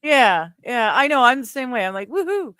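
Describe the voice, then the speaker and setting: A woman's voice: on the high side, animated, a little fast, sharp tone, clear, resonant tone, dry recording. A woman hosting a casual live stream chat, reading chat messages aloud and laughing easily. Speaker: stream host.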